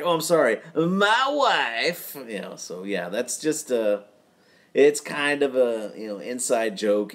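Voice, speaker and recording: A man hosts a casual live stream from his garage at night, his low voice unhurried as he rambles from one thought to the next. His pitch swings widely while he talks, and he drops in little chuckling asides.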